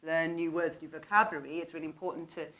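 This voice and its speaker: A woman's voice: low-pitched, flat delivery, fast, fairly bright tone. A woman with a mix of Birmingham and southern English accent, a teacher trainer chatting casually, laughing and encouraging. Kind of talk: casual chat.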